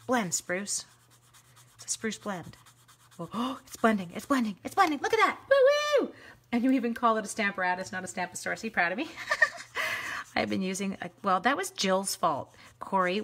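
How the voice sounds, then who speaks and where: A woman hosting a live craft stream, chatting to viewers as she colors, quick to gush and laugh. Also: mid-range voice. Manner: chatty, excitable, talks to viewers while coloring.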